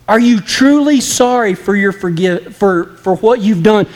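A man's voice: high-pitched, measured pace, hardly any pauses, a little mellow, long reverb tail. A man preaching an impassioned, folksy sermon that speaks straight to the congregation. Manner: impassioned, folksy and direct, acting out flippant apologies.

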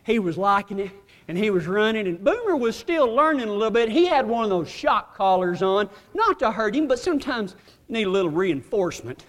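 High-voiced preacher in a reverberant hall. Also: male voice, sing-song, brisk, fairly bright tone. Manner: humorous, drawling, laughs at own story. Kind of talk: folksy storytelling sermon. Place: church hall.

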